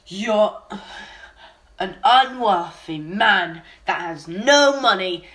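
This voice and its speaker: A woman's voice: mid-range voice, lively intonation, drawn-out words, fairly bright tone. A woman playing a harsh, scornful male office boss who barks curt orders in an amateur fan film. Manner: curt commands, scolding.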